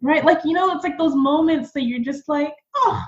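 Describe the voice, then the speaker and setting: A woman's voice: high voice, a little fast, muffled recording. Earnest woman guest in an echoey room. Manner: earnest, animated storyteller. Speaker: podcast guest. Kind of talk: casual conversational interview.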